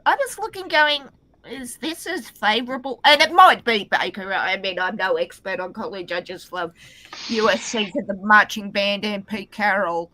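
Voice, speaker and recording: A woman with a bright, clear voice chats about college football, teasing the others with quick replies. Her voice sounds dry and close to the mic. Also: mid-range voice, no room sound. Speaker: podcast co-host. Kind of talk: casual sports chat.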